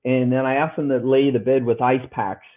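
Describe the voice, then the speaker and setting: A man's voice: medium pitch, level tone, normal speed. A middle-aged man, a podcast guest, earnestly retelling a hard story and acting out what people said. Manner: earnest, retells dialogue in raised voices. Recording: phone-like audio line.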